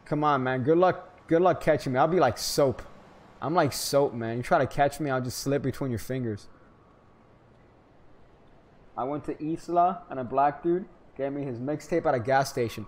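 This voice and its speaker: Young man, gaming streamer, casual rambling commentary, profane jokes, mid-pitched voice. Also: moderate pace. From Florida. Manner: rambling, joking, profane, swings into loud hyped outbursts.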